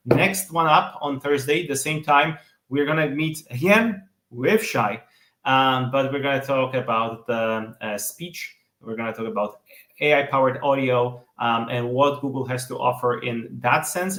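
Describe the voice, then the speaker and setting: A man's voice: mid-range voice, a bit bright, echoey room. A man hosting an online class, asking the guest questions and wrapping up the session. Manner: friendly, thanking and wrapping up. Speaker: webinar host.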